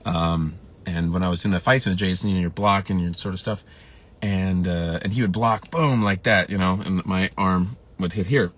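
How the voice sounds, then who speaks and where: A man's voice: low-pitched, fairly even intonation, normal speed, fairly bright tone. A man telling stories about a late colleague in a casual, rambling way, full of fillers and restarts and emotional at times. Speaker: filmmaker recalling a late colleague. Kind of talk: casual livestream storytelling.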